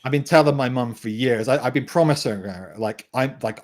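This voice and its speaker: A man's voice: medium pitch, fast talker, few pauses. A man from the West Country with a light West Country English accent, chatting casually as a guest game designer into a desk microphone, rambling with stammered restarts. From West Country, England. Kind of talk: casual podcast chat.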